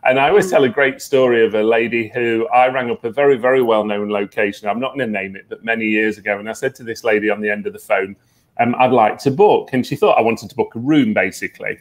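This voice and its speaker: A man, a psychic medium guest, telling stories earnestly in a relaxed interview, with many fillers. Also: on the low side, fast. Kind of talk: conversational interview.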